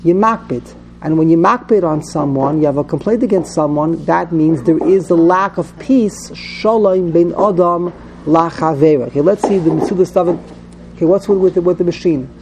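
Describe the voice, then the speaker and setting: A man's voice: a little high, moderate pace, darkish tone, slight background noise, rough recording. A man teaching a Torah text class, explaining Hebrew grammar with frequent repetitions and Hebrew terms. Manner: explains grammar patiently, repeats words, mixes in Hebrew terms.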